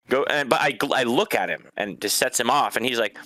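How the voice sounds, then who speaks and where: Animated young man telling stories. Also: medium pitch, fairly quick. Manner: animated, laughs often, swears, acts out voices. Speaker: guest. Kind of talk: casual storytelling.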